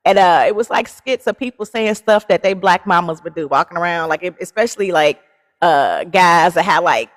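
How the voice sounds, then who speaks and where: A woman's voice: on the low side, normal speed, long reverb tail. A woman in her forties hosting a casual livestream, chatty and laughing often as she talks straight to her viewers. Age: 40s. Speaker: live show host.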